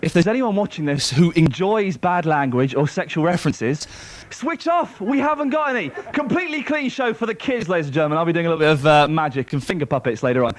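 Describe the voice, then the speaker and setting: A man hosting a stand-up comedy show, teasing the audience in loud banter on a club stage. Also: fairly high pitch, expressive, fast talker, few pauses. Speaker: host. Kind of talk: stand-up compere. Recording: noisy TV broadcast recording.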